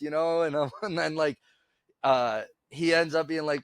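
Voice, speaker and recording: A man's voice: on the high side, normal speed, dry recording, clean studio sound. A middle-aged man, co-hosting a podcast, tells a rambling story in casual chat and acts out both sides of the conversation. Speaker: podcast co-host.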